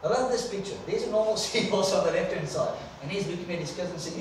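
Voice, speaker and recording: A man's voice: high voice, quick pace, slight background noise. A man preaching an enthusiastic sermon in a church, repeating words for emphasis. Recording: echoey church hall from far off.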